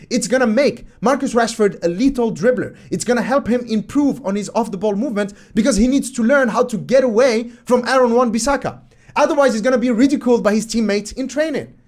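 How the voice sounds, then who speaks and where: A man's voice: very high voice, fairly quick. A man hosting football tactical analysis, commenting emphatically over match footage with exasperated rhetorical questions.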